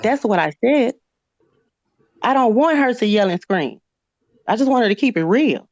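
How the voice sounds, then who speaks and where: A woman's voice: on the high side, expressive, moderate pace, darkish tone, no echo. A woman in a heated live-stream argument, blunt and profane, repeating her point over and over. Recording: slightly muffled, dry.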